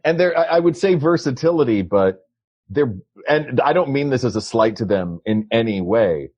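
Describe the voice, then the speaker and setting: A man co-hosting a comedy podcast from his home, arguing his points in a playful, deadpan way. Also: medium pitch, moderate pace, slightly rough, dry recording, highs cut off. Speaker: podcast co-host. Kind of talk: casual chat. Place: his home, recording remotely.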